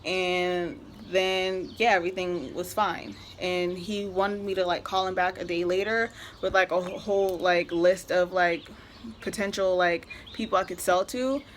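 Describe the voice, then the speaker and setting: This young woman vlogger's voice is on the low side, unhurried and fairly even in intonation, yet her story comes out as a chatty, exasperated rant thick with filler and "like." There is slight background noise.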